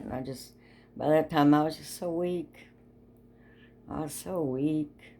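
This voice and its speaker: A woman's voice: sits low, unhurried, creaky, dark tone. An older woman telling a rambling personal story in a chatty, folksy way, laughing often. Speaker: vlogger.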